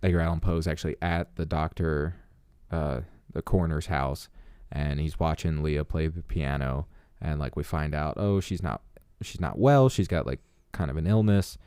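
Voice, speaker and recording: A young adult man co-hosting a podcast, recapping a film in an animated way and laughing often. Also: very deep voice, moderate pace, smooth, dry recording, studio quality. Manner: animated, laughs, does goofy voices. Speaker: podcast co-host. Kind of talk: casual film discussion.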